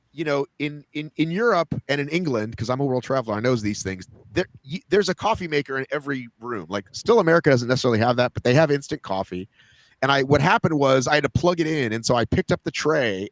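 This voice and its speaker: A man's voice: medium pitch, no echo. A man hosting a podcast, telling a long story in casual chat, padding his talk with "like" and "right?". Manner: rambling, fills talk with "like" and "right?". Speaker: podcast host.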